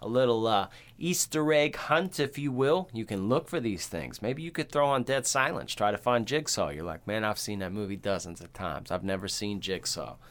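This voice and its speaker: A man's voice: on the low side, expressive, moderate pace, hardly any pauses. A man co-hosting a podcast, chatting casually in a crude, joking, rambling way. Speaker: podcast co-host.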